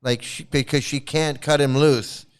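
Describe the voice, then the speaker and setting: A man's voice: medium pitch, fairly even intonation, measured pace, clear, resonant tone. A man hosting a casual reaction livestream, mocking and profane, laughing often as he talks. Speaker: online streamer criticizing a cult.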